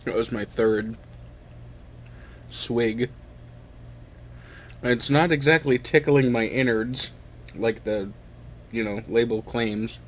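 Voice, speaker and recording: A man's voice: medium pitch, steady tone, takes it slowly, pauses often. A young man chatting casually and hesitantly, with many fillers and self-deprecating asides, while tasting a drink at home. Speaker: hobbyist vlogger. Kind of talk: casual rambling chat. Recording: noisy home recording with clinking.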